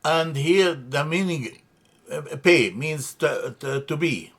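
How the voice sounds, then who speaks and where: A man teaching a grammar lesson, halting with many fillers and restarts as he spells out words. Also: fairly high pitch, expressive, a bit bright, slightly rough. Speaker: language teacher.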